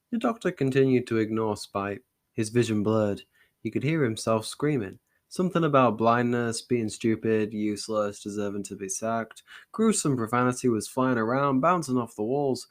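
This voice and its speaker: Young man, mid-pitch, theatrical comic reading of his own story, wry asides. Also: moderate pace. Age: young adult. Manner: theatrical, overwrought delivery, then wry self-mocking asides. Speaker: channel host reading his old story. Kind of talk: mock-dramatic comedic reading.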